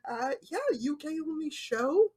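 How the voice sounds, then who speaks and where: A man's voice: extremely high pitch, lively intonation, a little slow, crowd noise. A man co-hosting a casual wrestling review podcast, playful and theatrical, swearing freely. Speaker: podcast co-host.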